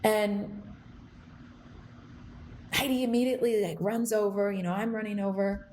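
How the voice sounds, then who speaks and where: A woman's voice: mid-range voice, fairly even intonation, quick pace, darkish tone, a little hiss or hum. A young adult woman hosting a podcast, telling a story in an earnest, rambling way full of fillers and restarts. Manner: gets emotional, close to tears. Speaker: podcast host. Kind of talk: reflective storytelling monologue.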